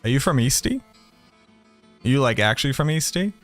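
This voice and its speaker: A man from the Boston area, with a Boston accent and a mid-range, expressive voice, chats brashly and briskly with viewers on his game livestream. He swears and jokes while soft music plays in the background.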